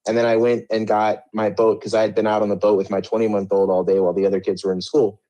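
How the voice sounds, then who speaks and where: A man's voice: fairly low pitch, little pitch movement, fast, warm tone, lo-fi sound. A middle-aged man telling his story in an interview, rambling with many restarts and a defensive edge.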